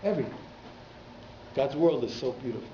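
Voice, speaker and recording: Animated rabbi lecturing in an echoey hall. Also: male voice, mid-range voice, fairly quick, a little hiss or hum. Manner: animated, conversational, with teasing asides to the audience. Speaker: rabbi teaching a class. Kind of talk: informal Torah lecture to a congregation. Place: synagogue hall. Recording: echoey hall, slightly muffled.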